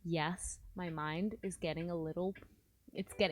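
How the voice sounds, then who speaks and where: A woman's voice: lowish voice, fairly even intonation, measured pace, a little mellow, faint music behind. A rambling, soul-searching woman vlogger. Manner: emotional, self-searching, trails off mid-sentence. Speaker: spiritual vlogger. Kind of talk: rambling confessional vlog.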